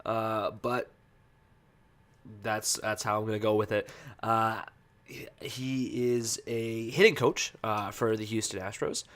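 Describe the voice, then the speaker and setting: A man's voice: lowish voice, fairly even intonation, slow, a bit bright. A man hosting a casual podcast, talking loosely with lots of fillers and breaking into heated, profane rants. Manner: loose, hesitant with many fillers. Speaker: podcast host.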